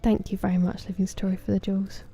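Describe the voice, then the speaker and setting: A woman's voice: mid-range voice, flat delivery, quick pace, warm tone, breathy edge. A young woman streaming a game, chatting casually with viewers and greeting them by name. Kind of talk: casual chat with viewers while gaming. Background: game music.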